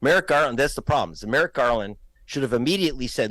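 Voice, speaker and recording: A man's voice: mid-range voice, animated, fast talker, hardly any pauses, fairly bright tone, no room sound. A man, a guest filmmaker, talking in a political talk show, emphatic and pointed, raising his voice to stress points.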